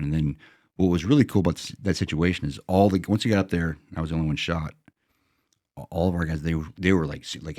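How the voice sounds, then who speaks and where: A man's voice: sits low, brisk, a little mellow, no echo, clean studio sound. A middle-aged American man, a former Green Beret, telling a combat story in a blunt, matter-of-fact way, rambling with restarts. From United States. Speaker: retired Green Beret sergeant major, guest.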